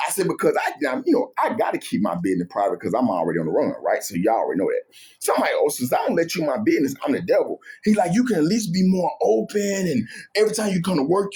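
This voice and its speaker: A man telling a story from his own life in a loose, conversational way, playing out both sides of each argument. His voice sits a bit high for a man and swings widely up and down as he talks. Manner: animated retelling, acts out both sides of arguments. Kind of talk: casual storytelling.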